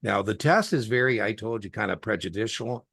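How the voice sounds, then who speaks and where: Man, middle-aged, gravelly, husky, dry close sound, folksy chatty tutor, video call. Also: on the low side, brisk, fairly bright tone, no echo. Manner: folksy, storytelling, chatty with fillers. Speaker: exam tutor. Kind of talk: one-on-one tutoring session.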